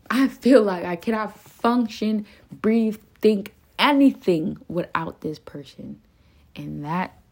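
Low-voiced woman venting profanely. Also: vocal fry, darkish tone, slightly rough. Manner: frequent fillers like "like" and "um". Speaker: podcast host. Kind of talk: confessional solo monologue.

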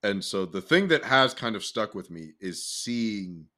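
Lively, bright-voiced young man chatting. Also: fairly low pitch, unhurried. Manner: animated, profane, acts out quotes in exaggerated voices. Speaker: podcast co-host. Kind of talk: casual chat.

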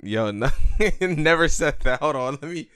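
A man's voice: on the high side, lively intonation, fairly bright tone, clear, resonant tone. A young man co-hosting a podcast, joking around and playfully protesting. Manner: joking, teasing and quick to protest. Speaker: podcast co-host. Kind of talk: casual chat.

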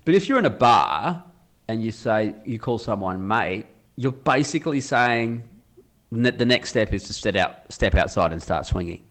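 Animated Australian man, casual chat. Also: on the low side, normal speed. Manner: acts out quoted lines in lively put-on voices.

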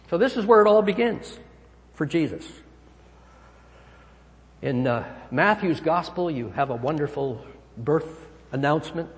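Male pastor, somewhat high voice, emphatic sermon delivery, long hall reverb. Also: expressive, normal speed, long pauses. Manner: emphatic, swinging pitch and volume.

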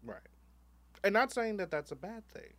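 A man's voice: high voice, moderate pace. A man hosting a podcast in casual chat, telling stories candidly and animatedly, with plenty of swearing and fillers. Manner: candid, profane, animated storytelling with many fillers. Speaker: podcast host.

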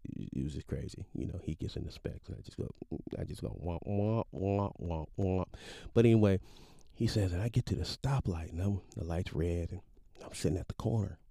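Brief: forties male storyteller, low-ish warm voice, dry close sound, animated and slangy. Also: fast talker, gravelly, slightly rough, no room sound. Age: 40s. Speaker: podcast storyteller. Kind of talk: casual storytelling monologue.

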